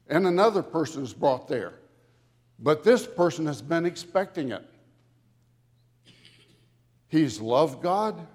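A man preaching a sermon to a congregation with dramatic emphasis, building to loud peaks on key words. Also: fairly high pitch. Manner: dramatic, slow emphatic delivery with swelling loudness. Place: church sanctuary. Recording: long hall reverb from a church. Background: congregation audience.

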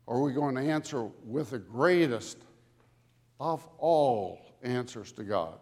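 A man preaching a sermon to a congregation with dramatic emphasis, building to loud peaks on key words. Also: mid-range voice, lively intonation. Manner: dramatic, slow emphatic delivery with swelling loudness. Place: church sanctuary. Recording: long hall reverb from a church. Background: congregation audience.

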